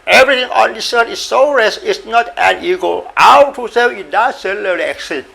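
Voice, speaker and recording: Gravelly, bright-voiced man giving a dharma talk. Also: high voice, expressive. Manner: repetitive, halting, coughs and says sorry, playful animal sounds. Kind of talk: informal spoken dharma talk.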